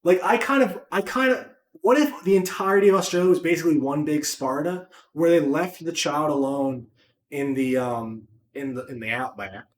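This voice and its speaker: A man co-hosting a podcast, chatting casually with animated, profane rambling jokes. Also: on the high side, normal speed, echoey room. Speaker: podcast co-host. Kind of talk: casual chat.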